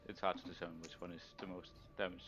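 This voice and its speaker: Low-voiced game master, dull lo-fi sound. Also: male voice, little pitch movement, fast talker, fairly bright tone, faint music behind. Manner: brief, matter-of-fact rulings. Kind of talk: running a tabletop game. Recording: dull lo-fi recording.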